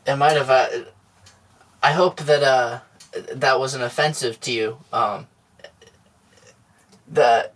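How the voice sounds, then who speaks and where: A man co-hosting a comedy podcast, deadpan and mock-reassuring, with frequent stammers. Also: mid-range voice, slow, pauses often. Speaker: podcast co-host.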